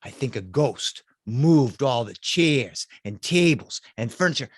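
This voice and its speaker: A man's voice: mid-range voice, lively intonation, unhurried, breathy edge, no room sound, studio quality, pitched below the performer's own voice. Man doing a sly teasing prankster uncle.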